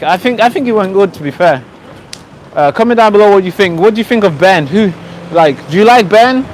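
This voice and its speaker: A man's voice: high-pitched, a little hiss or hum. A man live-streaming on a city street at night, chatting casually to his viewers with many restarts. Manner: chatty, restarts often, addresses viewers directly.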